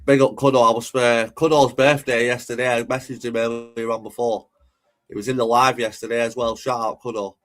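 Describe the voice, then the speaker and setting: A man from England hosts a relaxed livestream at a mid pitch. He chats loosely and reads out viewers' comments. He swears casually and gives frequent shout-outs to the people watching. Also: fairly quick. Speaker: livestream host.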